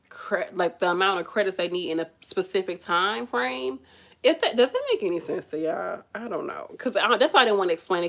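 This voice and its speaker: Venting woman vlogger saying y'all. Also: mid-range voice. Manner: venting, animated, addresses viewers as y'all. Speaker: nursing student vlogger. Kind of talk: casual chat to camera.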